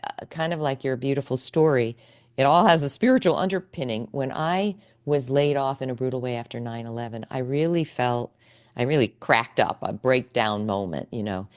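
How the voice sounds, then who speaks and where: A woman's voice: very deep voice, normal speed. A middle-aged woman hosting a podcast interview, effusive and emotional as she chats with her guest. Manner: warm, effusive, emotional responses. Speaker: podcast host. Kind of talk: casual interview chat.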